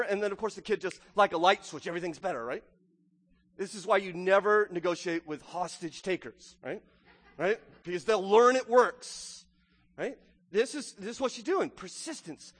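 Male pastor, sermon delivery, lively and theatrical, high-pitched, reverberant church hall. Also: normal speed, husky. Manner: animated, acts out voices, keeps asking "right?".

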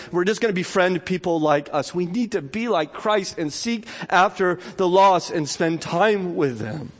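A male pastor preaching a sermon in a conversational, earnest way, often adding "right?" to check in with his listeners. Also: high voice. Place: church sanctuary. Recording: long hall reverb.

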